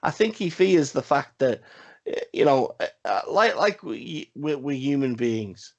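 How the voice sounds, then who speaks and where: A man's voice: mid-range voice, lively intonation, a little slow, creaky, muffled recording. A man co-hosting a casual wrestling podcast, talking in a rambling, profane way with emphatic repeats. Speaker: podcast co-host.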